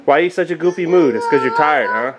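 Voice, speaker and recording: A young father filming his toddlers at home on a handheld camera, chatting casually and jumping into a high sing-song voice when he plays with them. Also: animated, fast talker. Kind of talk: casual family vlog. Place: family home, living room. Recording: noisy home camera audio.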